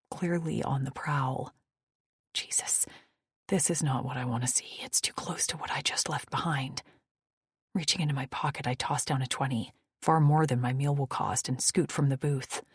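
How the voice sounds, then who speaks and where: A woman narrating a first-person romance audiobook in a hushed, breathy inner-monologue manner, close to the mic. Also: low voice, no echo.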